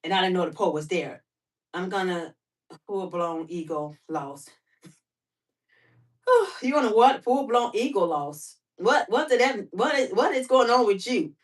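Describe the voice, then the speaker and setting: A woman hosting a casual livestream, talking to her chat in an animated, talkative way, laughing often and firing off rhetorical questions. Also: a little high, normal speed. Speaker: livestream host. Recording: voice somewhat far from the mic.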